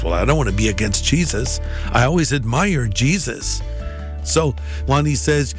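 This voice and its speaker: A pastor telling his personal testimony in an animated way, acting out the dialogue. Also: medium pitch, moderate pace, soft background music.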